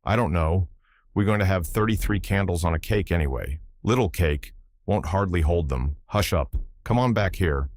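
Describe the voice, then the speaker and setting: A man's voice: sits low, moderate pace, natural voice. Man doing Luster, drawling Southern teen boy. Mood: offhand. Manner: drawling Southern dialect, wheedling. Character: sly teenage boy, Black Southern servant.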